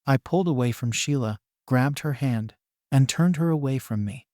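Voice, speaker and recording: A man reads a first-person story aloud at an ordinary middle pitch. His delivery is steady and even, recorded close on the mic with a completely dry sound. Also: normal speed, no room sound. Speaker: narrator.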